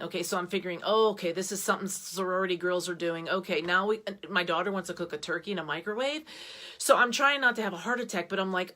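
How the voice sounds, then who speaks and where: A middle-aged woman from the United States, hosting her own livestream show and chatting casually to viewers with an energetic, animated way of telling stories. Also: medium pitch, fairly quick. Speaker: online show host.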